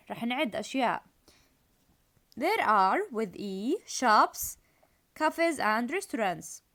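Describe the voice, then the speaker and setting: Woman teaching English, fairly high voice. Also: fairly bright tone. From Jordan. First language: Arabic. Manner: reads exercises aloud, repeats key phrases, explains in Arabic. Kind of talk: recorded classroom lesson.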